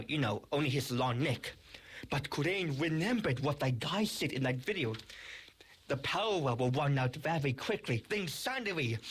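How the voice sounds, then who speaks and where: A young storyteller rattles through a made-up toy adventure, tripping over words and restarting. The voice is husky and lively in pitch. The delivery is slow on the whole. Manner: rambling, excited retelling with restarts. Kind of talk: improvised storytelling.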